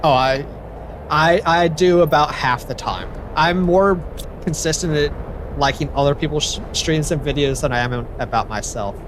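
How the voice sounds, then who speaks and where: A man's voice: on the high side, normal speed, a bit bright, slight background noise. A man from Northern Virginia hosting a casual gaming stream, chatty and self-deprecating. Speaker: streamer host. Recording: faint background music.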